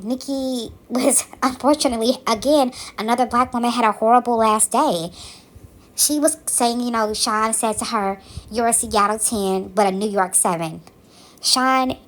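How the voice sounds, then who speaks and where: Sassy woman podcaster ranting about a dating show, animated and fed up. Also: medium pitch. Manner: sassy, animated, exasperated commentary. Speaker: podcast host. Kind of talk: casual reality TV recap.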